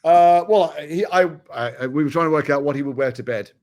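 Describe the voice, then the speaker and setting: A man from Britain, talking frankly and wryly as an actor guest in an interview. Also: a little high. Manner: animated, wry, frank, quick-talking. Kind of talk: candid interview conversation.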